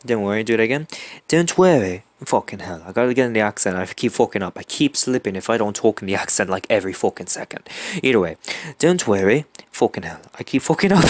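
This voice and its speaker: A man's voice: lowish voice, big pitch swings, quick pace. A young man talking casually while filming bloopers, swearing a lot and laughing at his own mistakes. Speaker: video creator.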